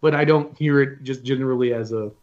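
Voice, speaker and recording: A man's voice: mid-range voice, a little fast, a little mellow. A man in a casual chat, making dry, joking asides. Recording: dull lo-fi sound.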